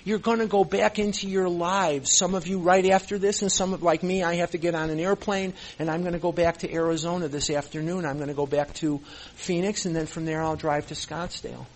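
A man's voice: a little high, steady tone, fairly quick. A man speaking to a recovery meeting in an earnest, emotional way, repeating phrases for emphasis and holding back tears. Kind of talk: impassioned speech to a meeting.

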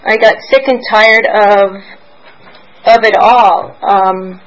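A woman's voice: mid-range voice, steady tone, takes it slowly, poor audio. Candid woman sharing at a recovery meeting. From Pennsylvania, United States. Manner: rambling, candid, with frequent soft laughs; emotional and searching. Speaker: meeting member sharing her story. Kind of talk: personal share at a recovery meeting.

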